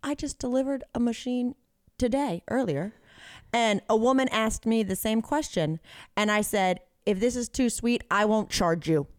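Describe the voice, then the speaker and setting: A woman co-hosting a podcast in casual chat, telling an animated story and acting out the people in it. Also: on the high side, moderate pace, no echo, studio quality. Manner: animated storyteller who acts out quoted people. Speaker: podcast co-host.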